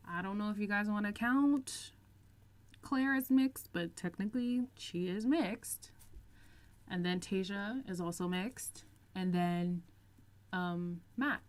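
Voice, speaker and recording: A young woman hosting a casual livestream, chatting and reading out viewer comments, laughing often and stretching out some phrases slowly. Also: medium pitch. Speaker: livestream host reacting to reality TV.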